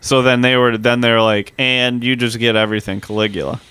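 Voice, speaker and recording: A man co-hosting a casual history podcast, telling the story in an animated, profane way. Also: mid-range voice, brisk, clear, resonant tone, no room sound. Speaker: podcast co-host.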